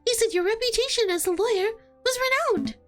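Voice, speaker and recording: A woman's voice: very high voice, fast talker, soft background music, pitched above the performer's own voice. A woman voicing a tiny timid male mouse messenger who stammers nervously. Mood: flustered.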